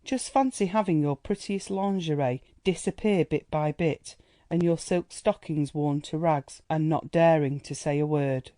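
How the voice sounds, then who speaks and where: Narrator doing a gushy patronizing society lady, talks a bit louder and higher, dark tone, dry sound. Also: unhurried, dry recording, natural voice. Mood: counselling. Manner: indulgent, chattering, patronizing. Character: gushing condescending society woman, young adult.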